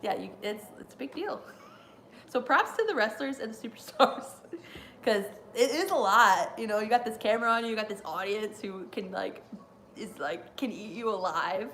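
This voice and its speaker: A woman's voice: medium pitch, lively intonation, normal speed, a bit bright, a little hiss or hum. A young woman hosting a live stream, rambling casually with lots of fillers and frequent laughter.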